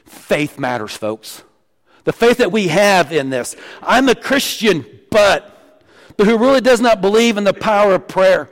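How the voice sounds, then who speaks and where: A male pastor delivers his sermon with lively swings, climbing high and loud for emphasis, then sinking low and soft to land a point. His voice sits a little higher than most men's. The sound carries a long echo from the church sanctuary. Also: a little slow. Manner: animated preaching with wide swings in pitch and loudness, dropping to quiet punchlines.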